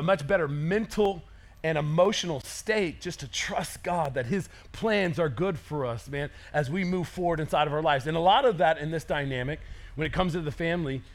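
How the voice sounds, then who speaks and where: High-voiced energetic male pastor. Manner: energetic, conversational preaching with acted-out quotes. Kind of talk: sermon.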